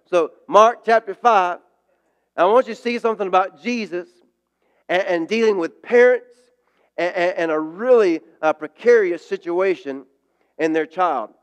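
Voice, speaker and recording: A male pastor delivers a sermon to a congregation. His voice sits high for a man, and his talk is casual and conversational. He drives his points home by repeating short phrases. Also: a little slow, smooth, muffled recording. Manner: conversational preaching with emphatic repetition.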